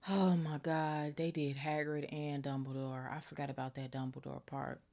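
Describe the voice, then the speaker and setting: A woman podcast host reading a book aloud, breaking in with excitable, chatty commentary. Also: deep voice, normal speed, few pauses.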